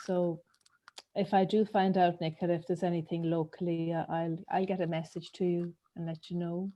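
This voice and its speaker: A woman in a casual group chat, telling a story in a chatty, animated way with repeated words. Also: lowish voice, normal speed, rough recording. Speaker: group participant.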